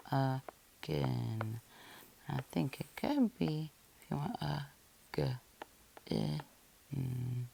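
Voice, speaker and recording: A woman's voice: low-pitched, gravelly, mellow, a little hiss or hum. A woman teacher giving a patient, methodical phonics lesson, breaking words into syllables and spelling them out letter by letter.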